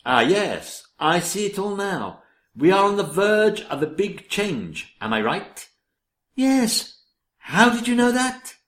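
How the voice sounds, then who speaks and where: Diam, a man doing a slow, doom-saying seer. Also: high voice, sing-song, fairly bright tone, full character voice. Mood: doom-laden. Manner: slow, dramatic, with theatrical pronouncements. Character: gloomy male soothsayer predicting doom. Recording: roomy echo.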